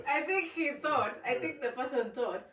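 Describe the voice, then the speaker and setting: A woman's voice: sits high, normal speed. A woman hosting a podcast, laughing along and playfully joking with her guest in casual chat. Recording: roomy, distant, noisy background.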